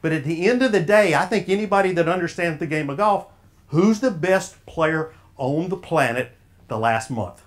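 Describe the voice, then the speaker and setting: A man with a Southern drawl speaks a little above the usual male pitch. He gives a folksy, sermon-like motivational talk and keeps throwing questions at the crowd. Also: animated, normal speed. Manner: folksy, preacher-like, quizzing the audience. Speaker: speaker at an officials' association.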